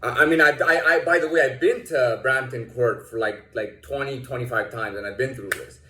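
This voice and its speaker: A man's voice: moderate pace, pushed and bright. A man ranting casually about a personal run-in, swearing freely, restarting sentences and acting out what others said. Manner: profane, rambling, many restarts, acts out quotes in a higher voice. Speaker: vlogger telling a personal story. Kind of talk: casual rant. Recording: echoey room.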